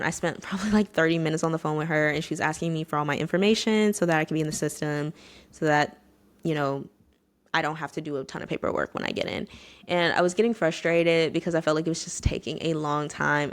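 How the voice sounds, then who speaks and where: A young woman in her twenties shares a personal story in a low, relaxed register. She talks candidly and conversationally, often circling back with "like" and "you know". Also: smooth. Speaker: vlogger.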